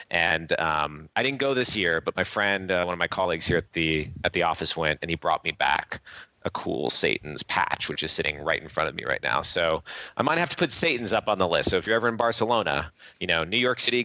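Deep-voiced joking man in a dry room. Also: dry recording. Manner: jokey, animated, laughs often. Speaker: guest, tech company CEO. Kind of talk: casual interview chat.

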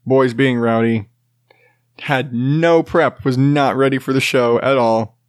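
A man's voice: mid-range voice, steady tone, slow, smooth, dry recording, studio quality. A tired man in his thirties, a podcast host and father, chatting casually, rambling and restarting sentences, laughing often and swearing casually. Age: 30s. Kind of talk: casual chat.

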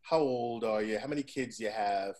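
A man's voice: on the low side, moderate pace, a little mellow, slight background noise. 40s guy hosting a podcast, swears a lot, chatty storyteller. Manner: profane, storytelling, frequent "right?". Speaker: podcast host. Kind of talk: casual chat.

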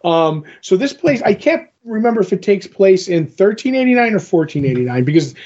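A man's voice: high-pitched, big pitch swings, brisk, a little mellow. A man casually retelling a comic book story in a podcast chat, rambling and acting out quoted lines. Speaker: podcast co-host. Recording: dull lo-fi recording.

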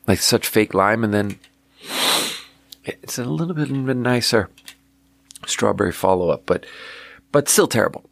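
A man's voice: on the low side, creaky, no room sound. A man hosting a casual late-night solo podcast, talking in a wry, self-mocking way and swearing freely.

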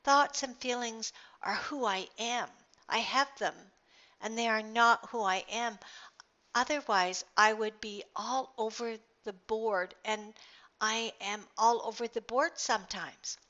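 A woman's voice: a little high, slow, sharp tone. A middle-aged woman sharing personal reflections in a casual, earnest, rambling monologue. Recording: dull lo-fi recording.

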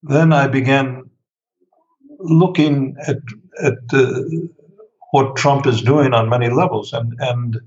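Guy being interviewed, keeps saying uh and repeating words, kinda muffled recording. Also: mid-range voice. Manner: hesitant, many fillers and restarts. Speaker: interview guest, author. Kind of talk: conversational interview answer.

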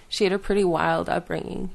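Woman, podcast guest, slow unhurried talk, gravelly fry, rambling and halting. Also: fairly low pitch. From western United States. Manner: rambling, halting, many fillers and restarts. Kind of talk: casual conversation.

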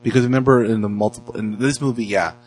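A man co-hosting a casual movie podcast, talking in an animated way and quick to laugh. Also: lowish voice, soft background music. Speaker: podcast co-host.

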